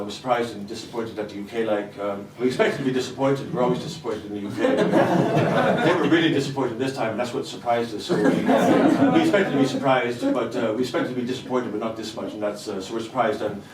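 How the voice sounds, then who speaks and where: A man's voice: mid-range voice, animated, fast, hardly any pauses, noisy background, lightly acted. A man playing a rambling, hesitant foreign minister, in a stand-up act. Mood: bumbling. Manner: bumbling, hesitant, repeats himself. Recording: roomy club from far off, audience laughter.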